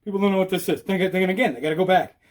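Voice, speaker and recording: A man giving an animated, repetitive how-to talk while riding outdoors, out of breath. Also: sits high, rapid-fire. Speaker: e-bike vlogger. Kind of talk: casual instructional talk.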